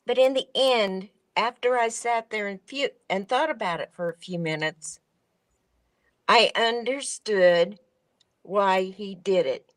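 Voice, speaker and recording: A woman's voice: mid-range voice, slow pace. Woman on a stream explaining herself, earnest, keeps restarting, mid voice. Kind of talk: casual live stream chat.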